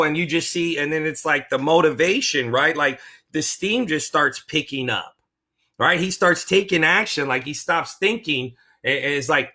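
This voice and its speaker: A middle-aged man talks straight to his viewers as a coach for veterans' claims. His voice sits a little high and rings bright and forceful. He is emotional and rambling, often breaking off and starting his sentences over. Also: moderate pace. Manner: emotional, rambling, self-interrupting. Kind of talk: motivational vlog talk.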